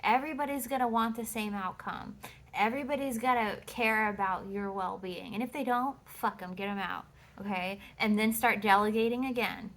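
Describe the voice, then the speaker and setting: A woman's voice: mid-range voice, normal speed, a bit bright. A woman giving a casual tarot reading at home, blunt and emphatic, swearing freely as she reads out card texts. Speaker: tarot reader.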